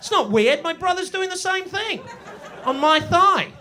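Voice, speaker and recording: A man in his forties performing a stand-up comedy set in a village pub, swinging between booming and hushed storytelling. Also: animated, moderate pace, a faint crowd, a little hiss or hum. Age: 40s. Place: village pub before a live audience.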